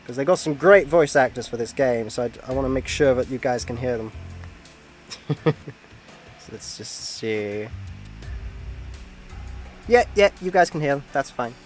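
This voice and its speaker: A man's voice: mid-range voice, expressive, measured pace, long pauses, faint music behind. A man streaming a game, chatting casually, laughing often and exclaiming at the screen.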